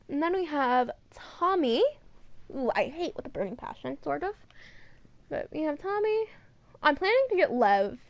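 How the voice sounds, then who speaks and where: Young female streamer, high voice, chatty and rambling, swears freely, dry recording. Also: a little mellow, no echo, lo-fi sound. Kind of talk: casual chat over a model viewer.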